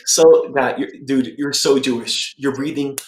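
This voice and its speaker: An Israeli man speaking on a conference panel, emphatic and lively, repeating his points for effect. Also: medium pitch, unhurried, roomy sound, poor audio. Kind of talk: animated panel discussion. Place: room in Jerusalem.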